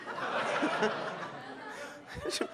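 A man's voice: extremely high pitch, wildly swooping pitch, very slow, noisy background. A man closing a comedy show on stage, loose and conversational, calling up the other comics. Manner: loose, conversational, hyping the crowd. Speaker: headlining comedian and show host. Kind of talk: stand-up closing remarks. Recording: live club with loud crowd and music.

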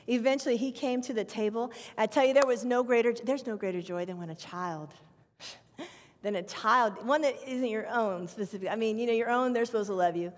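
Woman, fifties, children's pastor, lively storytelling sermon, church hall echo. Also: fairly high pitch, a little fast. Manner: animated storytelling with acted prayers. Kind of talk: sermon testimony. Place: church sanctuary. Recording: long reverb of a church hall.

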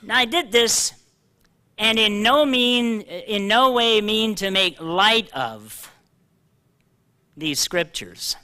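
An older man preaching a sermon, animated and joking at himself, slowing down to read scripture aloud. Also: sits high, smooth. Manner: animated, self-deprecating, reads scripture slowly. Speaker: pastor. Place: church hall.

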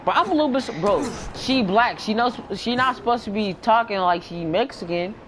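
A woman gaming casually, loud and teasing, often stretching her words out. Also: a little high, animated, brisk, background noise. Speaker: gamer.

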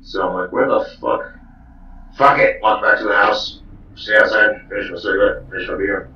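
A man's voice: fairly low pitch, level tone, fairly quick. A man telling a rambling, profane comedic story. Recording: dull, roomy, distant, faint hiss.

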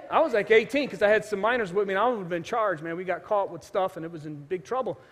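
A man's voice: sits high, fast, big-room sound. A man preaching a sermon as pastor, telling a personal story and acting out the voices of people in it. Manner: storytelling, acts out quoted voices, shifts from loud to hushed. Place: church sanctuary.

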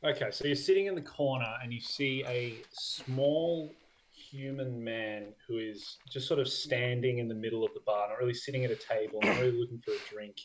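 A man running a tabletop game as game master, narrating casually with lots of fillers. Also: medium pitch. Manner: casual, filler-heavy, quick bursts.

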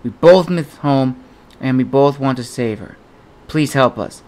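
A man's voice: mid-range voice, unhurried, a little mellow, close to an everyday voice. A man reading the part of a young, determined Spartan warrior in an audiobook. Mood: pleading.

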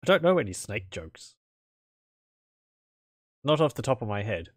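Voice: medium pitch, very animated, a little slow, no echo, clean studio sound. A streamer doing let's play commentary, thinking aloud, speaking typed game commands and chuckling. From Australia.

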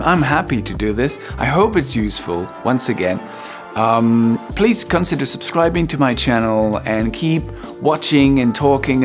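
A French-speaking man teaches English in a loose, unhurried video lesson, pausing often on ums and restarting his sentences. When he acts out example phrases, his voice jumps up high before settling back down. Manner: relaxed, hesitant with frequent ums and restarts.

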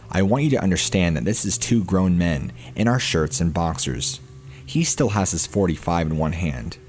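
A man narrating a first-person horror story in a steady storytelling manner. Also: low voice, a little hiss or hum.

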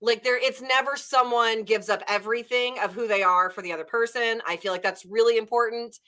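A chatty woman talking through a book in a casual club discussion. Her voice is bright and forward, and her speech is loose and rambling, with "like" and "um" all through it. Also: a little high, steady tone, a little fast. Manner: chatty, many "like" and "um" fillers. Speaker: former literature teacher.

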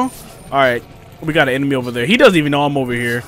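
A young man doing casual let's play commentary, joking to himself and yelping and shouting when enemies attack. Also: medium pitch, rapid-fire. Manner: jokey, excitable, yelps and shouts when attacked. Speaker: gaming YouTuber.

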